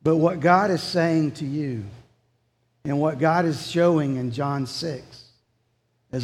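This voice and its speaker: A man's voice: a little high, slow pace, pauses often, in a large hall. A man preaching a sermon as pastor, earnest and emphatic.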